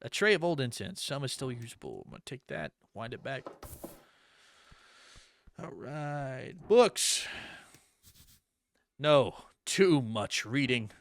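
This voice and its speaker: A man playing a game demo who reads its narration aloud and breaks off into quick, dramatic reactions. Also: medium pitch, animated, fairly bright tone, no echo. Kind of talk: let's-play commentary, reading game text aloud.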